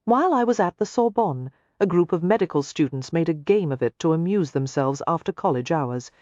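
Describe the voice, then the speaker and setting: A determined young woman doctor, voiced by a woman narrator, crisp and no-nonsense. Her speech is pragmatic and guarded, with a lively rise and fall. The sound is dry and slightly dull. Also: deep voice, brisk, no room sound.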